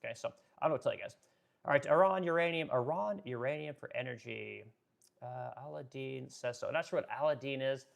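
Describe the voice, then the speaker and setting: Fast-talking blunt male livestreamer. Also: medium pitch, creaky. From Pacific Northwest, Oregon. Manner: blunt, profane, rambling with many fillers. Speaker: livestream host reading chat. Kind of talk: casual livestream chat.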